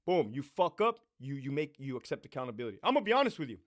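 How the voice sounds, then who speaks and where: Profane, animated man ranting a story. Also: racing. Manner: profane, animated, swings between loud bursts and low mutters. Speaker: vlogger telling a story. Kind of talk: casual storytime rant.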